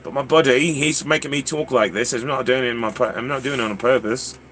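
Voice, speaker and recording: A man's voice: mid-range voice, steady tone, fairly quick, fairly bright tone, a little hiss or hum, natural voice. A man putting on a British accent to play a chatty, helpful British shopper and clerk, sing-song and calling people "love.". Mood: apologetic. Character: American man faking a chatty British shop voice.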